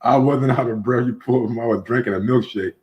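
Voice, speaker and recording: A man's voice: mid-range voice, fast, lo-fi sound. Loose, profane man hosting boxing talk. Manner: loose, profane, stumbling restarts. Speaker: show host.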